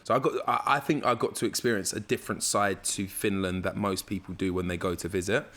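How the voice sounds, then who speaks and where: South London man telling lively stories. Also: sits low, brisk. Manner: animated storyteller, acts out dialogue. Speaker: radio presenter, guest. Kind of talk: casual podcast chat.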